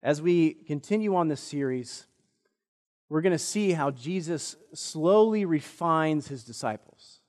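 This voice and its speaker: Speaking a little slowly in a voice on the high side, a male pastor tells a personal story as part of his sermon. His storytelling is earnest, with lively voices for anyone he quotes, and long reverb fills the church sanctuary.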